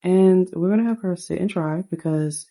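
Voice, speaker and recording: A woman's voice: fairly low pitch, moderate pace, warm tone. A woman casually narrating a life-sim game story, chatting to viewers with fillers along the way. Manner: chatty, addresses viewers as "you guys".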